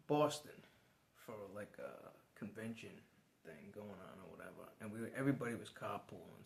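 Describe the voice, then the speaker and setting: A man telling a personal story to the camera in a casual vlog, animated and swearing now and then. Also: medium pitch, gravelly, echoey room. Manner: animated, swears, laughs as he tells it. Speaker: vlogger.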